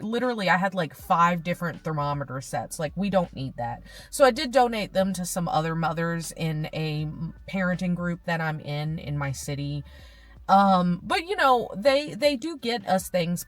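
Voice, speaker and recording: A woman's voice: lowish voice, no echo. A young adult woman vlogging from a parked car, chatting casually and rambling with lots of fillers, audibly moved and emotional. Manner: rambling, gushing, with many fillers. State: emotional and touched. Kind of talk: casual chat.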